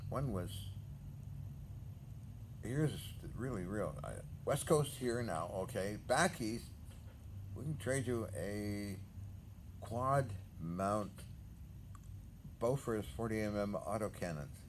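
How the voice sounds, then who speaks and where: A man's voice: fairly low pitch, expressive, slow pace, long pauses. An older man talking to camera in a rambling, blunt, sometimes profane monologue. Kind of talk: rambling casual vlog monologue. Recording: noisy background hiss.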